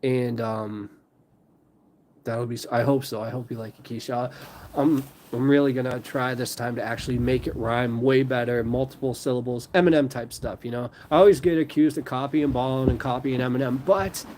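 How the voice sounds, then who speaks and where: Man, live-stream host, casual chat, rambling, filler-heavy, mid-pitched voice. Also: fairly even intonation, moderate pace, darkish tone, a little hiss or hum.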